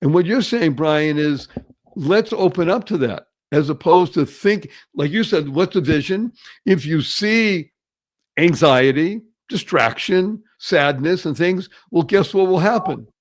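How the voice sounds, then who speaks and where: A man hosting a podcast, his voice sitting on the higher side. He talks with enthusiasm and puts a lot of emphasis into urging his listeners along. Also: expressive, a little slow. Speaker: podcast host. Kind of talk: podcast interview.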